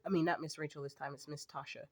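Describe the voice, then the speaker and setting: A woman ranting to her camera, aggravated and rambling, with frequent profanity. Her voice is dark and mellow. She keeps breaking off and restarting her sentences. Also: sits low, little pitch movement, fast. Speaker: vlogger. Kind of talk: casual venting to camera.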